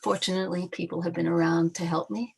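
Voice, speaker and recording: Gravelly, breathy woman in her eighties. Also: on the low side, little pitch movement, poor audio. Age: 80s. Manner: reflective, halting, with repeated restarts. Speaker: memoir author. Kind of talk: personal storytelling at a book launch. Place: video call from home. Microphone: computer mic on a video call.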